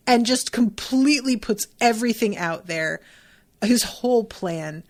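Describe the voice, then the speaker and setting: A woman hosting a podcast, recapping an episode in a chatty, animated way and swearing playfully. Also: fairly high pitch, unhurried. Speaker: podcast host.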